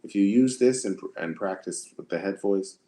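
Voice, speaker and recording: A man coaching singers on a livestream, answering chat questions in a relaxed, conversational way that often repeats itself. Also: lowish voice, moderate pace. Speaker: vocal coach.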